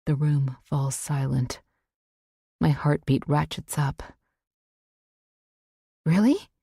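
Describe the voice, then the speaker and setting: A woman narrating a suspense audiobook in the first person, in a measured, tense way. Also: extremely low pitch, little pitch movement, gravelly, dark tone, husky, dry recording, studio quality.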